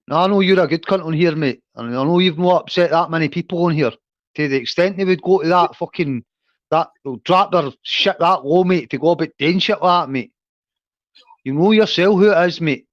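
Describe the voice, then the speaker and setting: A man's voice: fairly high pitch, no room sound, muffled recording. A man in his thirties chatting casually on a livestream, swearing and calling everyone mate. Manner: swearing, says "mate" constantly. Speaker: livestream co-host.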